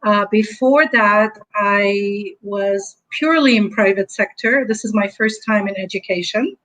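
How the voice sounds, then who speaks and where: A woman speaking as a managing director answering interview questions in a measured, businesslike way over a video call. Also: mid-range voice, fairly bright tone, poor audio.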